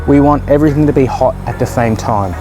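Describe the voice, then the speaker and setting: A man's voice: medium pitch, fast talker, music in the background, low-quality recording. A man hosting a casual cooking tutorial outdoors by a barbecue, joking and encouraging as he explains each step. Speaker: cooking show host.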